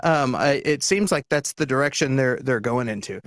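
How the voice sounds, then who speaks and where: A man's voice: medium pitch, moderate pace, no echo, studio quality. A man co-hosting a film podcast, speaking hesitantly with many fillers and restarts. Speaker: podcast co-host. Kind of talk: casual chat about films.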